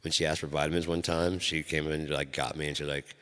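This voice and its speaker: A man's voice: very deep voice, flat delivery, fast, fairly bright tone. A man hosting his own channel, rambling and swearing as he tells personal stories. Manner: profane, rambling storyteller. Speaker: channel host. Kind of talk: rambling solo talk. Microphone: microphone. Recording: long hall reverb.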